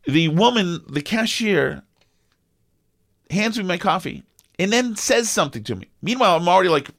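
A middle-aged man, co-hosting a podcast and telling a story in an animated, exasperated way with lots of restarts. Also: a little high, moderate pace, creaky, long pauses, dry recording. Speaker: podcast co-host. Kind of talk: casual storytelling chat.

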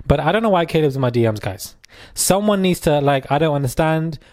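A man's voice: fairly high pitch, expressive, brisk, darkish tone, no room sound, clean studio sound. A young man with a British accent hosting his own podcast, chatting casually in a sarcastic, rambling way with plenty of fillers. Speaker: podcast host. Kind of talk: casual chat.

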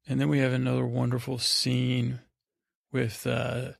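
Very gravelly, flat-voiced man rambling. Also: medium pitch, a little slow, dry recording, clean studio sound. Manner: meandering, hesitant, lots of fillers. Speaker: podcast host. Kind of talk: rambling bedtime recap.

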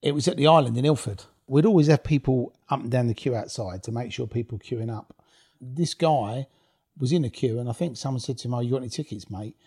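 A man's voice: mid-range voice, a little fast, a little mellow, breathy edge. A man, telling blunt, swear-filled stories as an interview guest, laughing as he goes. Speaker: guest, former rave promoter. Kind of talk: casual storytelling interview.

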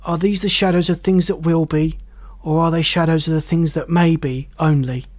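A reader voicing an old miser who pleads earnestly with a spirit, slowing on key words. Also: medium pitch, steady tone, a little mellow, dry recording, close to an everyday voice. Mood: urgent. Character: elderly miser, fearful and pleading. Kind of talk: audiobook character voice.

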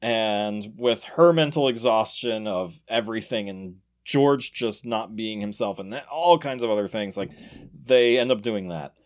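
A man's voice: on the low side, a little slow. Laughing man telling a story. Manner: laughs often, animated retelling with acted quotes. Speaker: podcast host. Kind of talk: casual storytelling chat.

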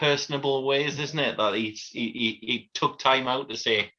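A man's voice: medium pitch, steady tone, normal speed, bright, forceful tone. A man chatting casually as a podcast co-host, often checking for agreement with tag questions. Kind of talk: casual chat. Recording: dull lo-fi sound.

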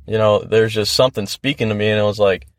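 A man's voice: on the low side, steady tone, fast talker, no room sound. Laid-back young man, dry close sound. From US Midwest. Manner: laid-back, rambling, swears freely. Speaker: guest skateboarder. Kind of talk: casual podcast storytelling.

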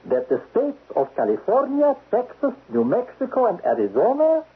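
A man's voice: very high voice, huge pitch swings, moderate pace, slightly rough, full character voice. A man playing a stern, sarcastic male spy chief in a 1970s radio drama. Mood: icy. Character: cold menacing male foreign spy chief. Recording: lo-fi narrow-band radio recording.

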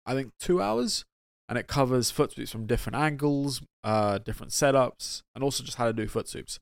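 A man who is a guest on a casual podcast and tells animated stories. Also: medium pitch, moderate pace, creaky, dry recording, studio quality. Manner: animated storyteller. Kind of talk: casual chat.

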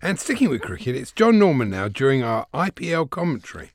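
A man's voice: medium pitch, sing-song, a little fast, no echo, clean studio sound. A man co-hosting a radio clip show, bantering easily and chuckling at the clips. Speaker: radio co-host. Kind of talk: jokey clip-show presenting.

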